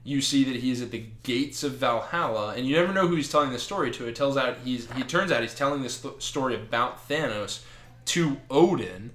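A man in casual podcast chat, retelling a comic book with lots of swearing and quick acted-out lines. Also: medium pitch, echoey room. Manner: animated, swears freely, acts out characters' lines.

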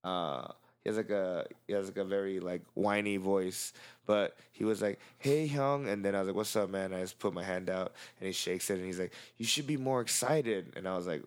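A man's voice: deep voice, flat delivery, fairly quick, clean tone. A male podcast host introducing guests and telling stories in a laid-back, casual way, swearing freely. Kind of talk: casual chat.

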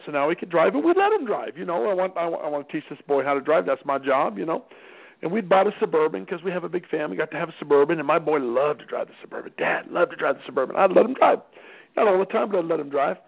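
A man's voice: fairly high pitch, animated, fast, vocal fry. A middle-aged man giving a folksy parenting talk, acting out bits of dialogue as he tells his stories. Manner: acts out dialogue with changing voices. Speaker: parenting speaker. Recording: tinny phone-like radio recording.

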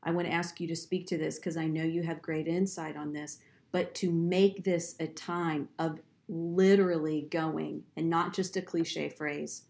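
Female faith-podcast host, low register, warm affirmations, steady encouragement. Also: measured pace, vocal fry. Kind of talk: faith-based conversation.

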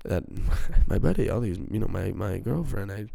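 A man's voice: on the low side, animated, normal speed, gravelly, warm tone, no echo. A man hosting a casual solo podcast, rambling in a profane, self-mocking way into a handheld microphone. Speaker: podcast host.

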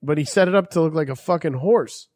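A man's voice: on the high side, quick pace, darkish tone, no echo. A man telling rambling, profane stories in casual chat as a podcast host.

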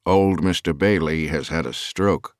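A man's voice: extremely low pitch, unhurried, no echo, studio quality. A man voicing an anxious middle-aged businessman who talks in a clipped, tense way.

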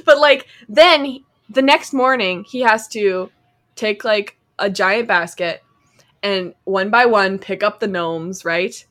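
A woman's voice: medium pitch, slow. A woman podcast host chatting casually and acting out a funny story with little voices. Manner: animated storyteller who acts out voices. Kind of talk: casual chat.

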